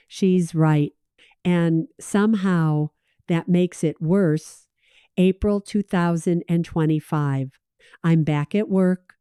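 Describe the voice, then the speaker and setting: Woman in her thirties as first-person storyteller, slow and even, clear voice, dry recording. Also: on the low side, dry recording. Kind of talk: scripted story narration.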